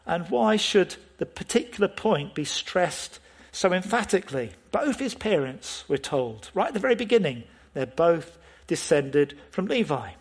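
A man's voice: high-pitched, very animated, a little slow, breathy edge. A man preaching a sermon, earnest in manner, often putting questions to the congregation and leaning on key words.

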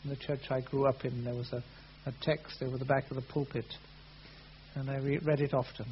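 A man preaching a sermon, earnest, rising loud and then falling soft. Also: mid-range voice, level tone, fairly quick. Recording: dull lo-fi sound with faint hum.

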